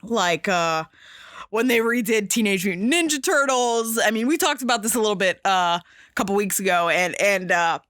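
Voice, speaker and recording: A woman's voice: medium pitch, lively intonation, moderate pace, fairly bright tone, no room sound. Emphatic woman podcast host, dry sound. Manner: emphatic, gushing, lots of fillers and restarts. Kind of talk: casual chat.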